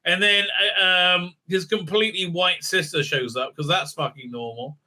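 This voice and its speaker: In a bright, sharp, slightly high voice, a male show host rants through a scathing recap and review of a TV episode. He talks at normal speed, sarcastic and profane, with "uh, uh" fillers and his pitch jumping up for mocking asides.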